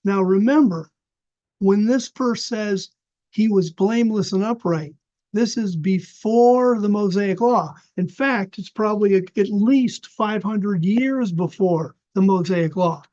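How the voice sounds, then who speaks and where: A man's voice: high-pitched, measured pace, dark tone. An older man teaching an unscripted Bible study lecture, explaining with fillers and restarts. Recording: dull lo-fi recording.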